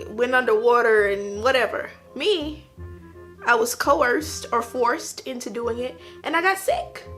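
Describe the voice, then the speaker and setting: A woman telling a personal story in a casual, animated way, repeating lines for emphasis. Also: on the high side. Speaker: vlogger.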